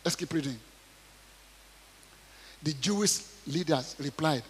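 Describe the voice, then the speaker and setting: A man preaching a sermon, reading scripture aloud and commenting on it, swinging between quiet asides and loud acted quotes, often asking the audience questions. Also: a little high, moderate pace, pauses often, big-room sound, a little hiss or hum. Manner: asks the audience questions, repeats words.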